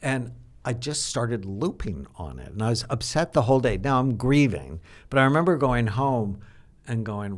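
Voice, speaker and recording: An older man, a psychiatrist, explaining and telling stories in an animated, teacherly way during an interview. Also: medium pitch, normal speed. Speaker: psychiatrist guest. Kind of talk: interview conversation.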